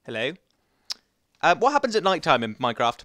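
Excitable rambling young man gaming. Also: a little high, brisk, dry recording. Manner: rambling and excitable, talks to the game animals. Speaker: gaming YouTuber. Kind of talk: chatty gameplay commentary.

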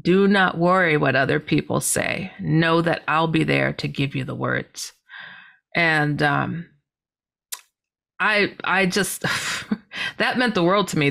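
A middle-aged woman, a podcast guest, telling a personal story with animated delivery, acting out her own past lines with big pitch jumps and laughter. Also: vocal fry.

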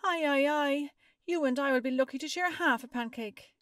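A woman reading aloud, voicing a bustling, fretful mother from a storybook with loud, fussing exclamations. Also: high-pitched, moderate pace, no room sound, studio quality, pitched above the performer's own voice. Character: bustling, fretful African mother cooking pancakes.

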